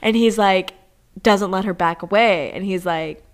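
A young woman co-hosting a podcast, gushing as she retells book scenes in casual chat, swinging from hushed to loud, with lots of fillers. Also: mid-range voice, a little slow. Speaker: podcast co-host.

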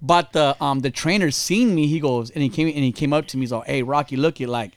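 A man's voice: medium pitch, dry recording. A man in his thirties, a podcast co-host, telling stories about his son in heated, profane casual chat. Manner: fast-talking, profane, heated.

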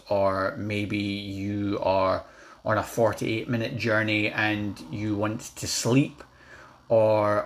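An angry Scottish man tears into a comedy special, swearing constantly and ranting with animated, rising bursts. His voice sits fairly low for a man. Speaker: vlogger reviewing a comedy special. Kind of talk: ranting review.

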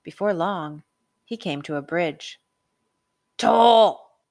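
Female narrator for a picture book read-aloud; lowish voice, animated and slow. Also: dry recording. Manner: expressive, unhurried, dramatic. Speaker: storyteller.

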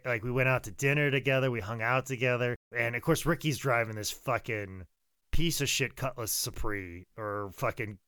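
A man in his thirties, a pro wrestler, telling casual stories in a rambling, profane, animated way. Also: medium pitch, moderate pace, clear, resonant tone, no room sound. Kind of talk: casual storytelling.

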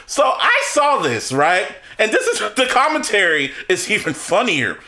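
A man co-hosting a podcast, telling sports stories in casual chat, laughing often and getting excited. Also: sits high, moderate pace. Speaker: podcast co-host.

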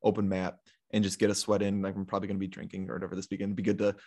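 A young man with a fairly low voice talks very fast as a podcast guest, rambling through a casual story. He uses plenty of "likes" and "ums," acts out what people told him, and keeps a relaxed, conversational tone.

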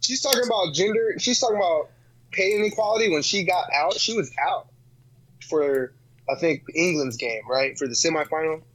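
A man's voice: a little high, moderate pace, fairly bright tone, poor audio. A young man co-hosting a casual sports podcast, throwing in teasing quips. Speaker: podcast co-host.

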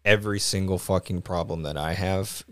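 A man's voice: deep voice, steady tone, moderate pace, fairly bright tone, clean tone, dry recording, clean studio sound. A young man chatting as a podcast guest, blunt and joking, swearing freely. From grew up white in a Hispanic neighborhood in the United States. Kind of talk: casual podcast chat.

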